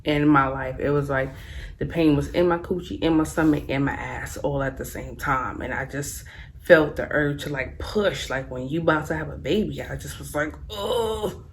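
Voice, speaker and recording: A young woman with a notably low voice tells a personal storytime tale to her camera. She speaks frankly and casually, using plenty of slang and rambling with "like" fillers. Faint noise sits under her voice. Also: steady tone, normal speed, creaky. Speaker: vlogger telling a story. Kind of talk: storytime vlog.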